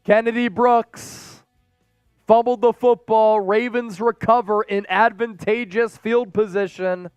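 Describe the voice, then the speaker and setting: Male stream host, high pitched, energetic casual play-by-play, dry sound. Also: slow pace, smooth, no echo, faint music behind. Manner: energetic, hyped fan banter. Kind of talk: excited live play-by-play commentary and chat shout-outs.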